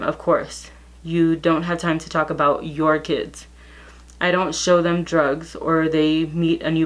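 Blunt, gossipy woman with a low-ish voice. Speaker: vlogger telling a story. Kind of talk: casual storytime, reading out text messages.

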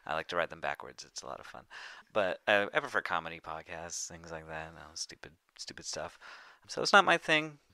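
A man's voice: sits low, a little fast, pushed and bright, no room sound, studio quality. A man co-hosting a casual book podcast, joking and bantering with his brother. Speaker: podcast co-host.

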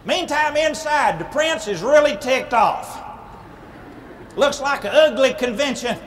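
A man, a humorist minister telling an animated, playful comic story at a live speaking event. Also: very high-pitched, a little slow, slight background noise. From Southern United States. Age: 40s.

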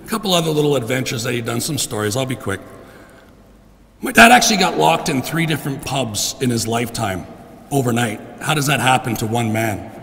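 Gravelly middle-aged man giving a eulogy. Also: mid-range voice, animated, brisk, crowd noise. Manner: heartfelt, clears his throat often. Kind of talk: funeral eulogy. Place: church at a funeral mass. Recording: long reverb in a church.

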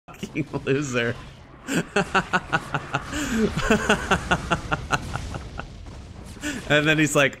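A man's voice: fairly high pitch, extremely slow, long pauses. Man, gaming streamer, casual commentary, swears a lot, mocks and laughs, faint music behind. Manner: excitable, swearing, mocking, laughing often.

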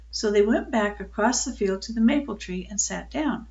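An older woman reading a children's book aloud, telling it in a calm, unhurried way with small slips. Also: mid-range voice, highs cut off. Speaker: storyteller.

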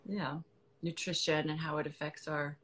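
Chatty woman, slightly low voice. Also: steady tone, moderate pace, fairly bright tone, a little hiss or hum. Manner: chatty, laughs easily. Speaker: guest on a live video chat. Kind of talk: casual live-stream chat. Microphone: phone on a video call.

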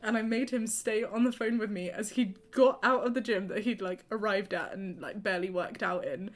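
Woman, gaming streamer, casual chat, lively storyteller, laughs a lot, mid pitch. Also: normal speed. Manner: animated storyteller, laughs often. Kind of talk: casual chat while playing.

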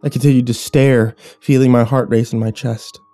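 A man telling a first-person horror story in a measured, hushed and tense way. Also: mid-range voice, level tone, dry recording, soft background music.

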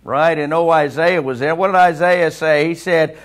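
A man's voice: on the high side, fairly even intonation, moderate pace, hardly any pauses. A man preaching a sermon in a church, in a conversational way that keeps asking the congregation questions. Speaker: pastor. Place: church sanctuary.

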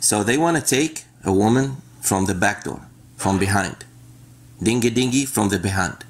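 Host: man, low voice, animated, jokes and repeats himself. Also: normal speed. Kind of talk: casual group chat.

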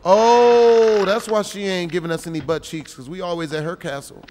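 A man hosting a gaming channel, giving crude, profane, jokey commentary with shouted reactions on a noisy desk mic. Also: fairly high pitch, quick pace. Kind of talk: crude, loud gameplay commentary.

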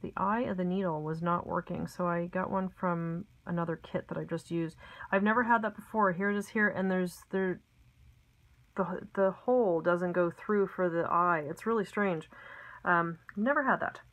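A middle-aged woman with a slightly low voice teaches a craft project from her home desk. She talks in a chatty, homey way, full of ums and little asides as she works. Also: normal speed, a bit bright, poor audio. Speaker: craft tutorial host. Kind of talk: casual step-by-step craft lesson.

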